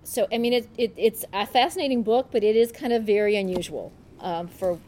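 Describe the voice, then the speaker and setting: A woman's voice: medium pitch, a little fast, darkish tone. A woman giving a casual, chatty book talk, hesitant, with many fillers and restarts. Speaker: book club presenter. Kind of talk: casual book talk with read-aloud passage.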